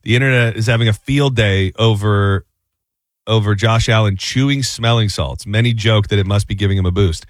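A man's voice: lowish voice, normal speed, dry recording. A man co-hosting a casual sports talk show in a studio, rambling and repeating words as he tells stories. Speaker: podcast co-host.

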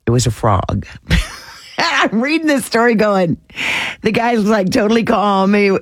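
A woman's voice: sits low, a little mellow, no echo. A woman radio DJ chatting casually on air, teasing and laughing easily. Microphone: studio microphone.

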